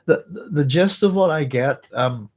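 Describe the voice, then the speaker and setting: A man hosting a live book club, chatting through a novel and readers' comments in a thoughtful, rambling way with many pauses and restarts. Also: fairly high pitch. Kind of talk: casual live book discussion, reading aloud and chatting.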